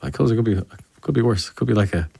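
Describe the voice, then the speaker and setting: An Irish man hosts a radio show from a studio microphone and reads out listener messages. His voice sits low and a little husky. He talks in a relaxed, chatty way and jokes along with his listeners. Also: very fast. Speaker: radio presenter. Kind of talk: casual radio chat reading listener messages.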